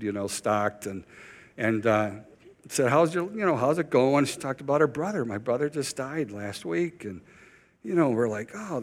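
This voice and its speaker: A man's voice: on the high side, long reverb tail. A man preaching a sermon as pastor, urgent and emphatic, repeating key phrases for weight.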